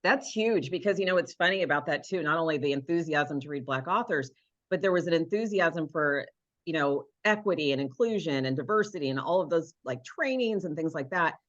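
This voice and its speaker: This podcast host is a woman with a low, expressive voice and a brisk pace. She keeps the casual interview warm and affirming, chatting freely with plenty of "like"s, all captured in somewhat dull lo-fi sound.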